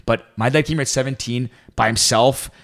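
A man co-hosting a podcast, chatting casually and telling animated stories with acted-out quotes. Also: medium pitch, a little fast. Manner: animated storyteller, acts out quotes. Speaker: podcast co-host. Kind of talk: casual chat.

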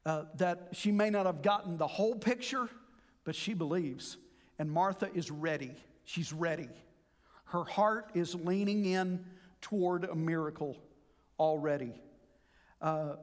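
A man preaching a sermon as pastor, earnest and expository, drawing out words for emphasis. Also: high voice. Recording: long hall reverb.

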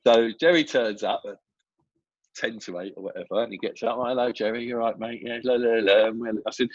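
A man, a film assistant director telling lively, casual anecdotes and acting out the voices he quotes. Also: medium pitch, a little fast, no room sound. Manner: lively storyteller who acts out quoted voices. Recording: dull, dry lo-fi audio.

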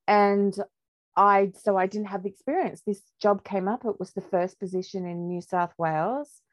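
A woman, a podcast guest, telling her story in a candid, lively way and laughing often. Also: mid-range voice, normal speed, no room sound, muffled recording. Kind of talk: casual storytelling interview.

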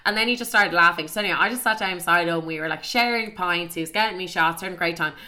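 A woman's voice: lowish voice, fast, bright, forceful tone. A young Irish woman casually telling a story, chatty, peppering her talk with "like" and swearing freely.

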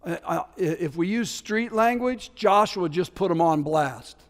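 A pastor delivers a sermon in a high-pitched, unhurried voice, animated and conversational. He acts out the voices in scripture and slips into casual asides, and the recording carries a long hall reverb.

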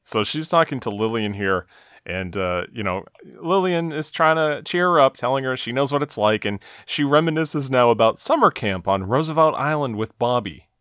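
A podcast co-host recaps a TV episode in casual conversation, wry and chuckling, with frequent fillers. His mid-range voice is animated and fairly bright at a normal speed, recorded at studio quality without echo.

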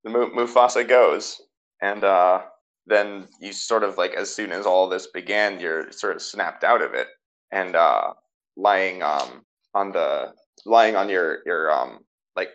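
Deep, gravelly game master. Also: male voice, fairly bright tone, highs cut off. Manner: halting, filler-heavy narration. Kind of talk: narrating a tabletop game.

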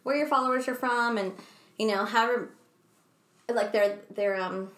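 Brief: woman in a casual podcast chat, animated and profane, slightly high voice, roomy echo. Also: normal speed. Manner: animated storytelling, swears freely, acts out quotes. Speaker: podcast co-host. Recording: echoey room.

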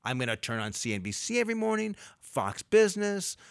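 A middle-aged man, a financial advisor, explaining investing on a radio talk show in a lively way with everyday analogies. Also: high-pitched, fairly quick, creaky, clear, resonant tone, no room sound, clean studio sound.

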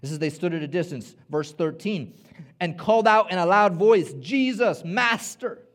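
High-voiced man preaching with fervor. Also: lively intonation, moderate pace. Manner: emphatic, repeats words, rallies listeners. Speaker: pastor. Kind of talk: sermon.

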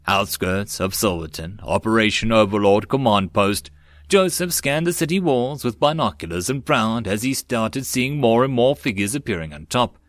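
A man narrating a web novel audiobook in a steady storytelling manner. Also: fairly low pitch, normal speed, dry recording.

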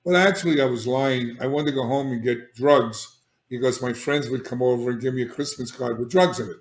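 An older man, an addiction therapist appearing as a guest, candidly tells stories from his past at a fairly quick pace in a middle-pitched voice. He's blunt, animated and emphatic, often restarting sentences and checking in with "all right?" The room has a noticeable echo.

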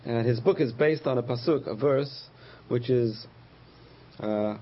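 A man teaching a religious lesson, patiently explaining terms, repeating key words and pausing with frequent uh's. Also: mid-range voice, highs cut off. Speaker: Torah teacher.

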